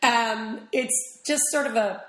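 A woman talks as an interview guest in a loose, rambling way, full of quick asides. Her voice sits a little high. The room around her is echoey. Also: a bit bright. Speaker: actress guest. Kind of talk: casual interview chat.

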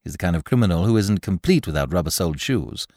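A man voicing a flippant, theatrical aristocratic gentleman detective in a storybook reading. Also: low-pitched, expressive, fast talker, no room sound, clean studio sound, voice pushed down. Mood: animated. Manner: breezy, theatrical, whimsical. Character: flippant aristocratic young male sleuth.

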